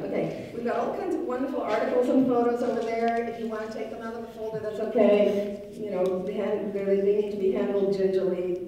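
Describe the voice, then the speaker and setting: A middle-aged woman giving a wry, gently humorous memorial tribute to her late father. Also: mid-range voice, slight background noise. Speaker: daughter giving a eulogy. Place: large synagogue hall. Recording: echoey hall, mic far off.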